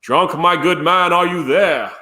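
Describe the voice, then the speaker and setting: A man's voice: fairly high pitch, unhurried, bright, forceful tone, reverberant, voice pushed up. A man putting on an exaggerated, clumsy fake Australian accent to play a fellow streamer calling out to him.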